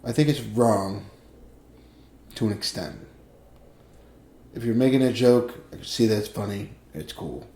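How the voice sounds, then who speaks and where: A man's voice: lowish voice, a little slow, pauses often, mellow. A young man co-hosting a podcast, ranting and joking in a loose, profane, rambling way. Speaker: podcast co-host. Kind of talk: casual podcast chat.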